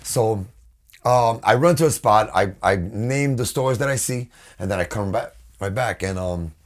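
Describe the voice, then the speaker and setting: A man with a New York accent, a guest telling animated stories in a casual interview, swearing freely and acting out what others said. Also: lowish voice, measured pace. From Brooklyn, New York. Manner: animated, swearing, acts out quotes. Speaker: guest vocalist.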